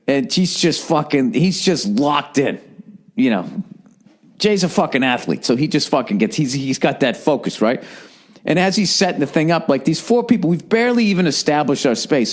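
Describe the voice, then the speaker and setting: A middle-aged man with a Boston accent hosting his own podcast, telling a story in a rambling, profane, casual monologue. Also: on the high side. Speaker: podcast host.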